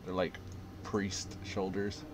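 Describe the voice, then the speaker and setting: A man giving casual gameplay commentary with relaxed, joking, low-key asides. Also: slow, a little hiss or hum. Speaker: gameplay streamer.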